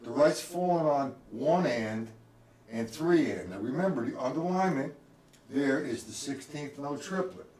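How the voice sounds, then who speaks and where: A man's voice: medium pitch, animated, unhurried, a little mellow. Man teaching drums in a roomy space. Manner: counts beats aloud, quizzes viewers directly. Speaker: drum teacher. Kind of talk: live-streamed drum lesson. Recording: roomy, from a distance.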